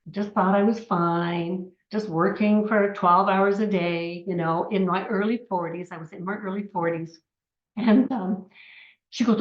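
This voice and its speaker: A woman's voice: mid-range voice, steady tone, a little slow. Older woman, sixties, chatty testimony speaker, roomy and slightly muffled sound. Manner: chatty storytelling with many asides. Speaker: network marketing distributor. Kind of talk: personal testimony talk. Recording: roomy, slightly dull recording.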